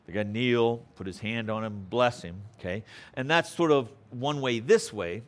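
A man with a mid-range voice teaches a Bible passage at normal speed, conversationally checking in with listeners through frequent "okay?" He acts out quotes with playful voices and builds to emphatic preaching.

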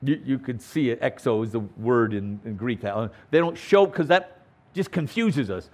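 A man's voice: medium pitch, lively intonation, moderate pace. A man teaching a Bible passage verse by verse, stressing words by repeating them and checking in with "okay?".

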